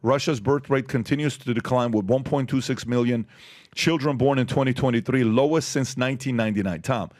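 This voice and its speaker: A man's voice: medium pitch, a little fast, no echo, studio quality. Podcast host man reading news. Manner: reads headlines aloud, then breaks in with sharp asides.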